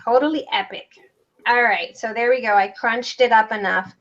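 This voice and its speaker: A woman's voice: a little high, moderate pace, fairly bright tone. Chatty woman hosting a crafting livestream. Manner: chatty, reads out viewer comments while working. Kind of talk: casual chat while crafting. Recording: dull lo-fi sound.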